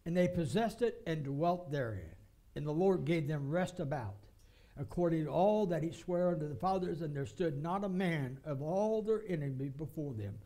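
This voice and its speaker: A pastor preaching a sermon with emphatic, repeated phrases. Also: male voice, a little high, animated, normal speed, mellow. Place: church.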